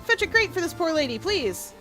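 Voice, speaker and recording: A woman's voice: very high voice, sing-song, brisk, pushed and bright, faint music behind, pitched above the performer's own voice, full character voice. Woman doing a fussy old judge. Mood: formal. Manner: formal, polite courtroom commands. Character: fussy elderly male judge.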